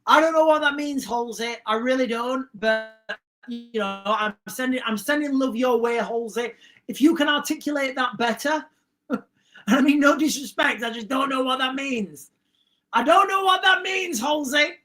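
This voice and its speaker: A man's voice: very high voice, normal speed, pushed and bright, faint music behind. A man hosting a livestream, reading out viewer comments and answering them in a rambling, blunt, repetitive way. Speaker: livestream host.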